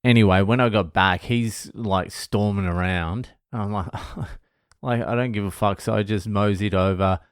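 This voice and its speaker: Man, young adult, low voice, dry close sound, blunt profane rant, casual vlog. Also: clean tone, dry recording. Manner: blunt, sweary, animated ranting with mocking voices. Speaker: vlogger, comedian.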